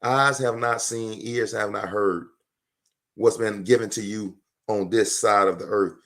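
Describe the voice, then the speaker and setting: A man giving a live motivational talk, emphatic and preachy, repeating his lines for effect and breaking into loud bursts of fervor. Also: fairly low pitch, fairly even intonation, unhurried. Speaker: motivational speaker. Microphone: livestream microphone.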